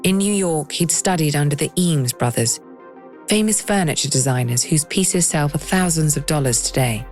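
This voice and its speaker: A woman hosting and narrating a documentary podcast in a measured, lightly wry scripted style. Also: low-pitched, lively intonation, a little mellow, faint music behind.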